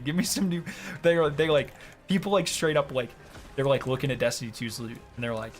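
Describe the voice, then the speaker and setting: A man chatting casually on a gaming stream, excitable and ranting with plenty of swearing. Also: medium pitch, a little fast, faint music behind.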